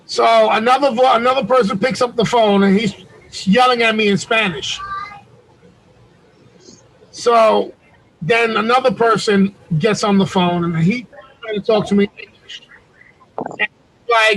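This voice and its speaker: A middle-aged man on a video call, telling a long story in an animated, profane, slangy way. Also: high-pitched, measured pace, pauses often, rough recording. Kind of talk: casual storytelling on a group call.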